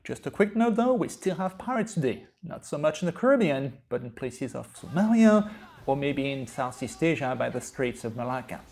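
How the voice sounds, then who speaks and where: Gravelly man giving a lively history lecture. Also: mid-range voice, normal speed. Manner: lively storytelling with rhetorical questions. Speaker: history professor.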